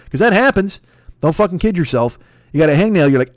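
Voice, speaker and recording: A man's voice: fairly high pitch, lively intonation, quick pace, darkish tone, dry recording, clean studio sound. A man in his forties hosting a solo comedy podcast, rambling through profane, self-mocking tangents. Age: 40s. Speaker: podcast host.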